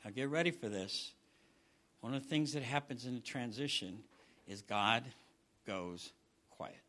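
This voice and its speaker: A middle-aged man preaching a sermon, swinging from loud bursts down to hushed near-whispers. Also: medium pitch, normal speed. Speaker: pastor.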